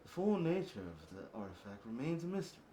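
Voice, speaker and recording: A man doing a male master assassin reading a formal letter aloud in a put-on accent, his voice muffled behind a mask. The pitch swings widely as he reads in a stiff, halting way. The room gives it a roomy echo. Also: very animated, darkish tone, slight background noise, close to an everyday voice.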